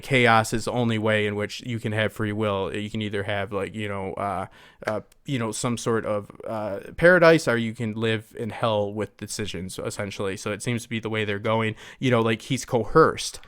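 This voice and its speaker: Rambling, animated podcast host man. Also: fairly low pitch, moderate pace, clean tone, dry recording, studio quality. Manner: rambling, filler-heavy, animated asides. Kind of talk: casual podcast discussion.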